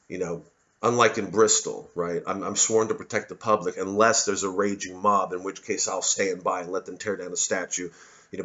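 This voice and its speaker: A man's voice: fairly low pitch, a bit bright, highs cut off. A man giving an angry, profane ranting monologue as a vlogger, often repeating himself and restarting sentences. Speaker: political commentary vlogger.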